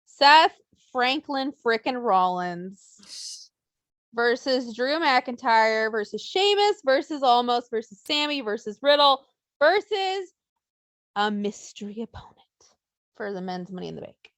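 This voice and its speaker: A young woman co-hosting a casual wrestling podcast, blunt and animated, swearing freely and acting out what fans would say. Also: fairly high pitch, a little slow, no echo, studio quality. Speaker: podcast co-host.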